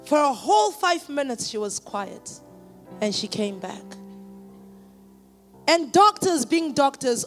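A woman preacher, perhaps in her thirties, giving a sermon that moves from quiet personal testimony to shouted calls to the congregation. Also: high voice, sing-song, unhurried, faint music behind.

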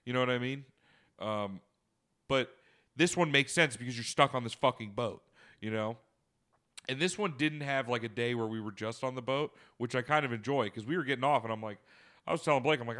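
A man's voice: medium pitch, brisk, fairly bright tone. A young man telling a rambling trip story in a casual podcast chat, swearing and laughing often. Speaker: podcast co-host.

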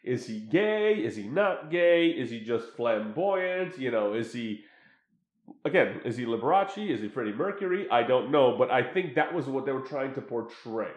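A man's voice: medium pitch, expressive, normal speed. A man chatting casually about a TV show he watched, rambling with many fillers and restarts. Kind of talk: casual chat reacting to a TV show. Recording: roomy echo.

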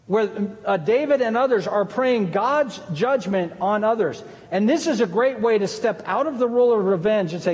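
High-voiced man preaching in a reverberant hall. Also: animated, normal speed, a little mellow. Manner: earnest, conversational preaching with asides. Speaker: pastor. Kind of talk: sermon.

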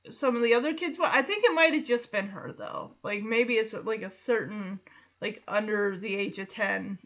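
A woman's voice: on the high side, fairly bright tone. A woman hosting a podcast, rambling through a casual episode recap with many hesitations. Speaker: podcast host. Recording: slightly muffled podcast audio.

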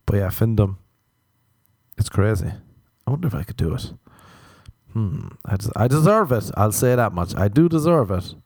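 A man's voice: on the low side, big pitch swings, normal speed, darkish tone, husky, no echo, studio quality. A young man hosting a solo comedy podcast, rambling through irreverent, sweary jokes. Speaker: podcast host.

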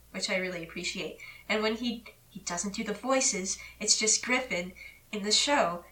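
Woman podcast co-host, bright and sharp tone, slightly distant mic, playful and excitable. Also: on the high side. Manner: laughs often, teasing and excitable. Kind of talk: casual fan podcast chat.

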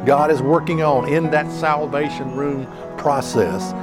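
A man's voice: on the high side, steady tone, unhurried, loud music behind the voice. A man preaching an earnest, emphatic sermon as the host of a religious show, stressing key words. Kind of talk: televised sermon.

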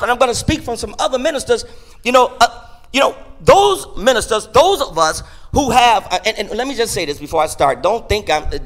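A man preaching a sermon in church, in a call-and-response style that swings between shouts and quiet asides. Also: extremely high pitch. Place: church sanctuary.

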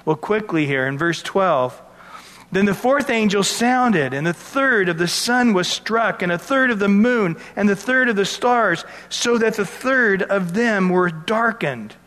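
Guy preaching a bible study, kinda high voice, chatty asides, big echoey hall sound. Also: animated, a little slow, fairly bright tone. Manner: expository Bible teaching, conversational with asides. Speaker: pastor. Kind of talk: sermon.

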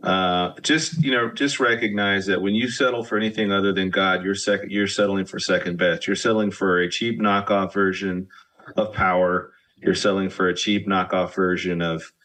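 A man's voice: deep voice, fairly even intonation, normal speed, sharp tone, rough recording. A man sharing a closing thought on a talk show, earnest and repeating his phrases for emphasis. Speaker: guest co-host. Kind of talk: closing exhortation.

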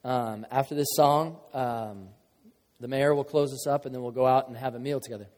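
A man's voice: medium pitch, fairly even intonation, normal speed, darkish tone. A male pastor giving an informal, joking sermon with sudden emphatic bursts, speaking in a church. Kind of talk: conversational sermon. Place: church sanctuary. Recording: long reverb of a large hall.

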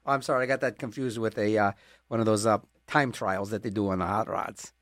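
A man's voice: on the low side, fairly even intonation, a little fast, fairly bright tone, no echo, clean studio sound. A man hosting a request radio show, talking in a rambling, jokey way with self-mocking asides. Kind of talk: casual radio DJ patter.

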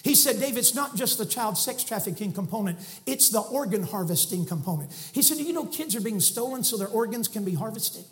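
A man with a Southern American accent preaching an impassioned sermon in a church, swinging between shouting and soft drops. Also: sits high, expressive, fairly quick, few pauses. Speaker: guest preacher. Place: church sanctuary.

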